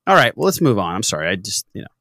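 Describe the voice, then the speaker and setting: A man's voice: fairly low pitch, very animated, rapid-fire, gravelly, fairly bright tone, no echo, studio quality. A man co-hosting a pop-culture podcast, casual and jokey, telling corny jokes. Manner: jokey, tells corny pirate jokes with voices. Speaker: podcast co-host. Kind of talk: casual chat.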